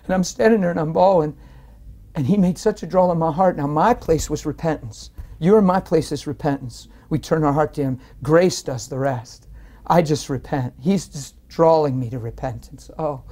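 A man telling his personal faith testimony in an interview, earnest and animated, rising with strong feeling as he tells it. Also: on the high side, normal speed.

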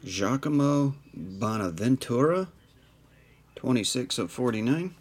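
Slow-talking man calling card breaks. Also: medium pitch, lively intonation, slight background noise. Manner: unhurried, reads off card numbers with dry jokes. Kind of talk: live card break commentary.

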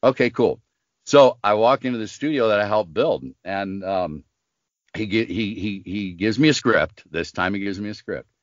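A low-pitched older man whose voice carries a smoker's grain. He tells his stories in a casual interview and slips into the voices of the people in them. The recording is dry and a bit dull. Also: normal speed, dry recording. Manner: animated storyteller acting out quoted voices. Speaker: voice actor guest.

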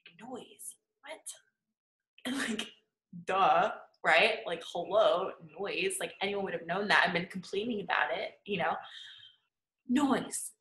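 Bright, chatty woman coach in an echoey room. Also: mid-range voice, takes it slowly. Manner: chatty, tags lines with right and okay. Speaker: manifesting coach. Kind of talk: casual teaching talk.

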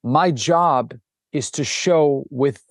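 A man's voice: fairly high pitch, takes it slowly, dry recording, studio quality. A man, a documentary director, telling a story as an interview guest and acting out the lines of the people in it. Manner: animated, acts out quoted dialogue, frequent restarts.

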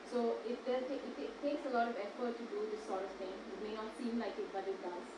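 A woman's voice: a little high, steady tone, a little fast. A woman, an earnest and persuasive campaigner speaking on a panel. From India. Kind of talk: panel discussion. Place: large echoey event hall. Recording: echoey hall from far off with background noise.

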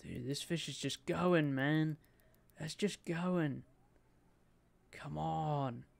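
A young man streaming a game, commentating excitedly and chatting to his viewers. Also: a little high, very slow, vocal fry. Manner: excitable, chatty, talks to his chat, swears lightly. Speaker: gaming streamer.

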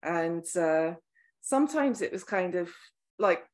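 A woman's voice: lowish voice, lively intonation, slow pace, darkish tone. A woman with an English accent in a casual conversation, speaking thoughtfully and feeling for her words.

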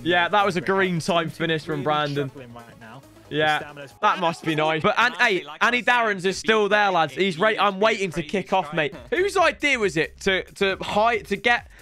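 Excitable man, high bright voice. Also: normal speed, soft background music. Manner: excitable, swears, keeps addressing viewers as lads. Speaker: gaming YouTuber reacting to match footage. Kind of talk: casual reaction commentary.

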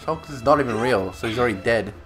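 A man's voice: mid-range voice, quick pace, over music. A man co-hosting a let's play, teasing and bossing his partner through casual gaming banter. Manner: teasing, bossy backseat gamer.

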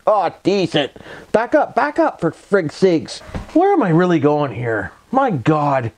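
Speaking in a fairly high, sing-song voice, a little slowly, this Canadian man has a darkish tone with a bit of hiss or hum behind it. It's his vlog voice-over, recorded on a mic: casual, rambling, folksy, and full of catchphrases and tag questions.

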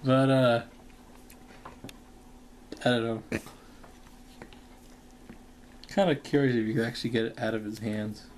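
A man rambling casually through a product vlog, full of ums and likes, joking and breaking into short acted-out bits of imagined dialogue. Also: slight background noise. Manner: jokey, acts out imagined dialogue in high squeaky voices; filler-heavy with frequent ums and likes. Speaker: vlogger reviewing a product.

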